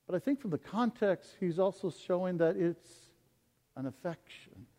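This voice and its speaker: High-voiced preacher in a reverberant hall. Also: male voice, expressive, normal speed. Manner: impassioned preaching, swings from soft to loud, repeats rhetorical questions. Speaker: pastor. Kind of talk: sermon.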